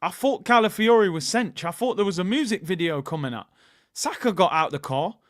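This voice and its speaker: In a casual live stream for his football channel, a young man jokes around with animated, slangy banter and put-on voices. His high voice moves a little fast. The clean studio recording has no room sound.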